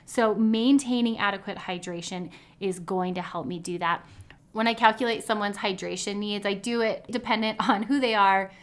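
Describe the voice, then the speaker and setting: A woman's voice: medium pitch, steady tone, moderate pace. A woman in her thirties, a dietitian hosting her own podcast, talking in an upbeat, chatty way and laughing easily. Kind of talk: casual podcast monologue.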